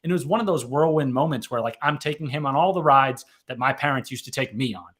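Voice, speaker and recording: A man's voice: mid-range voice, fast talker, fairly bright tone. A man in his thirties, an author and mental health advocate, telling his story in a casual interview, rambling and correcting himself with frequent "right?" tags.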